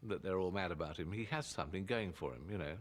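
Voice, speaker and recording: A man speaks about writing comedy in a thoughtful, measured way. His voice is notably low. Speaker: comedy writer interviewed. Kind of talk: reflective interview.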